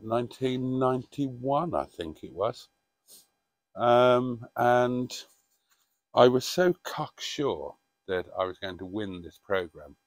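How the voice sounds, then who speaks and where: A man's voice: lowish voice, no room sound. A middle-aged man reminiscing in a casual vlog monologue, rambling and hesitant with frequent ums. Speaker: vlogger.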